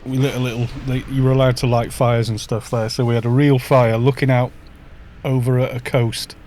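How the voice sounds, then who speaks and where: A man's voice: medium pitch, level tone, a little fast, darkish tone. A middle-aged man from North Wales with a Welsh accent, chatting casually and joking with viewers while live-streaming a game. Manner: chatty, joking, reads chat aloud.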